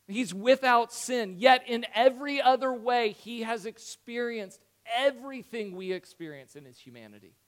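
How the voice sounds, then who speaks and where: A man preaching a sermon, acting out Bible dialogue with animated swings and dropping to hushed tones for emphasis. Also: very high-pitched. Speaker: pastor.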